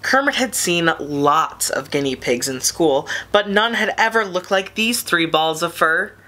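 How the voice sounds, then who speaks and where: Woman storyteller, steady children's book reading; bright tone. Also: lowish voice, a little slow.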